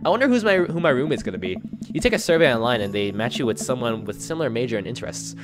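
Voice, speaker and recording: A man puts on a bubbly, eager teenage girl's voice, lifted a little higher than his own and full of lively swoops. She gushes quickly when excited, with game music playing underneath. This is a playful read of a video game's daughter. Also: lightly acted. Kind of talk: reading game dialogue aloud.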